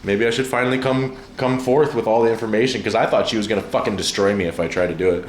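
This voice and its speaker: A man streaming from home, chatting casually, excitable and profane, rambling from one thing to the next. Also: lowish voice, quick pace, reverberant, slight background noise. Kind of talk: casual livestream chat.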